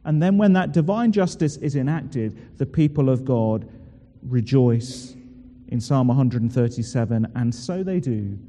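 A man preaching a sermon in a church, asking rhetorical questions and slowing down to stress key words. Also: mid-range voice, expressive, dark tone. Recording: long reverb of a large hall.

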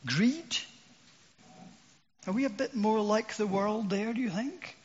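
Older man, preacher, slow earnest delivery, higher voice, long hall reverb, dull lo-fi sound. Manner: earnest, questioning the listeners. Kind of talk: sermon.

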